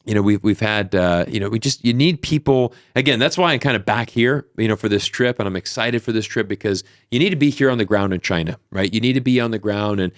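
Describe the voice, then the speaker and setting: Animated man with a low voice. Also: quick pace, few pauses, dry recording, clean studio sound. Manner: animated storyteller, many fillers and restarts. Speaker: podcast guest. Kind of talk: casual interview chat.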